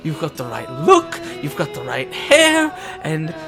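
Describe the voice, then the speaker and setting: A man's voice: fairly high pitch, wildly swooping pitch, unhurried, creaky, music in the background, full character voice. A man voicing a flustered, flamboyant male theater producer who exclaims dramatically and gushes over people. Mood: gushing.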